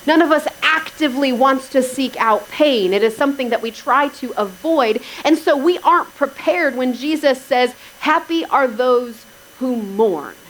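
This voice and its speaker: A woman's voice: sits high, moderate pace, hardly any pauses, fairly bright tone, a little hiss or hum, rough recording. A woman pastor giving a sermon in a conversational way, with wry asides to the congregation.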